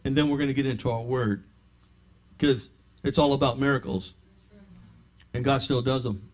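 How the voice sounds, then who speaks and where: A man's voice: medium pitch, moderate pace. A middle-aged man, a pastor, preaching and telling a personal testimony in his home, acting out both sides of a conversation. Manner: animated storyteller who acts out both sides of a dialogue. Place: his own home living room. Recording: slightly dull lo-fi sound.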